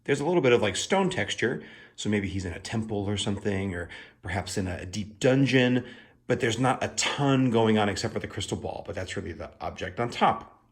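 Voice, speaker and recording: A man's voice: fairly low pitch, lively intonation, a little fast. A man hosting a casual tarot video, explaining things in a playful, chatty way with plenty of asides and fillers.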